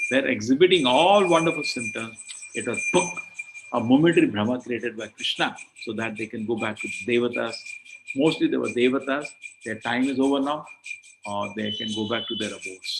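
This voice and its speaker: A man's voice: medium pitch, gravelly. A man with an Indian accent giving a sermon on scripture, telling stories, acting out little dialogues and asking rhetorical questions. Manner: storytelling, acts out dialogues, asks rhetorical questions. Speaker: scripture lecturer. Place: temple hall. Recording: noisy livestream recording.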